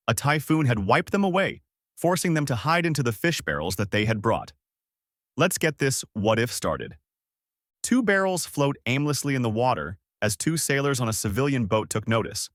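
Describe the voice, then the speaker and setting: A man reads a scripted adventure story in a steady narrating manner. His voice sits at an everyday middle pitch. The recording is close and dry, with no room sound. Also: moderate pace, no room sound.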